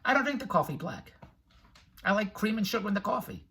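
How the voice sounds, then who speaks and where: A man's voice: sits high, big pitch swings, quick pace, pushed and bright, breathy edge. An older man giving a brash, rambling motivational monologue full of tangents, laughing at his own jokes. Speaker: vlogger and infomercial producer.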